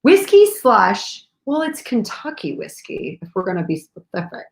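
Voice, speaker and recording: A woman chatting casually on a livestream, bubbly and excitable, talking straight to viewers. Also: mid-range voice, fairly quick. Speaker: co-host. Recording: echoey room.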